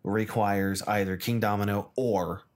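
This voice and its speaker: A man from the United States, co-hosting a casual chat, chatty and quick to laugh. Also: on the low side, flat delivery. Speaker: co-host.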